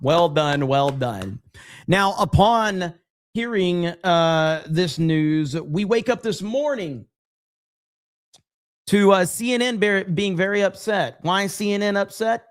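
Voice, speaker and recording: A man hosting a casual political reaction show, opinionated and halting, with frequent fillers. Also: high voice. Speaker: political commentary host.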